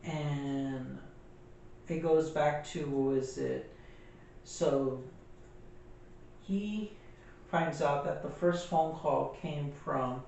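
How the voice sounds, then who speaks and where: A man's voice: a little high, drawn-out words, vocal fry, pauses often, darkish tone, very echoey, far from the mic, slight background noise, rough recording. A man co-hosting a casual movie review, recapping the plot in a rambling way with many fillers and restarts. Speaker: podcast co-host.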